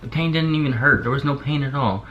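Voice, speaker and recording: A man's voice: medium pitch, quick pace, pushed and bright. A young man vlogging casually, drowsy on pain medicine and barely opening his mouth, rambling with lots of "like" and repeats. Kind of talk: casual chat to camera. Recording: dull lo-fi sound with faint hiss.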